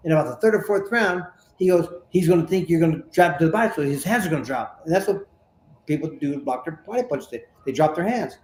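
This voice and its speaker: A man from California tells a story from his fighting days, animated and stumbling over repeated words. His voice sits fairly high. The room around him rings with echo. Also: fast, slight background noise. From Sacramento, California. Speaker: interview guest, former boxer. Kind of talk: casual storytelling interview.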